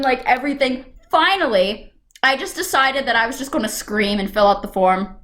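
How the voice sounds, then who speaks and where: A young woman from the United States telling a casual storytime vlog at home, animated and quick to burst into sudden shouts. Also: on the high side. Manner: animated, breaks into sudden loud shouts and whispers. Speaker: vlogger. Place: home room.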